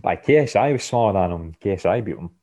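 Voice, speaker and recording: A man's voice: sits low, animated, fast talker, dark tone. A man guesting on a podcast, chatting about sports casually, often stumbling and repeating words as he thinks. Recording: dull lo-fi podcast mic.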